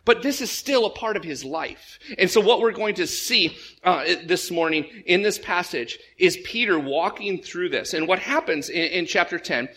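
Animated male pastor preaching, high-pitched voice, repeats himself when he starts a sentence. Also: normal speed, hardly any pauses. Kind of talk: sermon.

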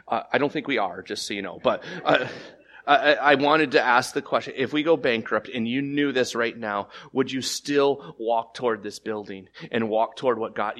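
A man preaches a sermon from the pulpit, pushing key lines up loud and high, then dropping to hushed, slower phrases. He stammers and restarts often in an unscripted way. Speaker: pastor.

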